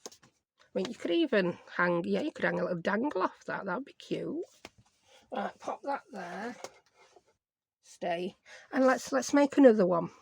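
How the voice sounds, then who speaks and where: A woman's voice: mid-range voice, expressive, unhurried, vocal fry, long pauses, darkish tone, slight background noise. A woman chatting casually and rambling as she thinks aloud through a craft project. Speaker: craft vlogger. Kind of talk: casual chat while crafting.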